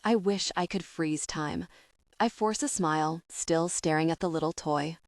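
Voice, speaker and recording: A woman's voice: low voice, unhurried, no room sound, studio quality. Woman narrating an intimate romance audiobook. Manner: intimate, emotional storytelling.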